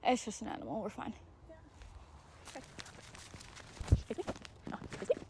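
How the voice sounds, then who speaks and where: A woman's voice: a little high, big pitch swings, fairly quick, noisy background. A young woman filming outdoors at night on a phone, panicked and swearing. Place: outdoors in a wooded valley at night.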